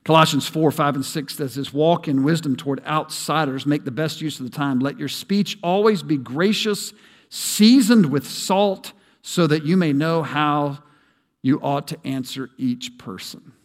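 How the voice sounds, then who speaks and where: A middle-aged man preaching a sermon, emphatic and animated, with folksy asides. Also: a little high, moderate pace. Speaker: pastor. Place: large church sanctuary. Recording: long hall reverb.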